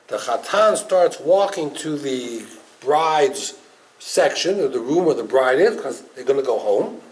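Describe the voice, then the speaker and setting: Man, rabbi telling a story, lively and expressive, slightly raised pitch, faint hiss behind. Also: low-quality recording. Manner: animated, laughing storyteller. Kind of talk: storytelling sermon.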